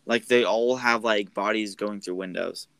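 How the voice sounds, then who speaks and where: A man's voice: lowish voice, fairly even intonation, moderate pace, vocal fry, fairly bright tone, clear, resonant tone, no room sound, rough recording. A man casually recapping a film's plot as a podcast co-host, rambling with many fillers. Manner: rambling, filler-heavy storytelling.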